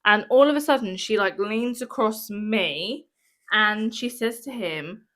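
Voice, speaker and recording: A woman's voice: medium pitch, measured pace, a bit bright. A British woman co-hosting a podcast, chatting casually in a blunt, outspoken way and swearing. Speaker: podcast co-host. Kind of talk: casual chat.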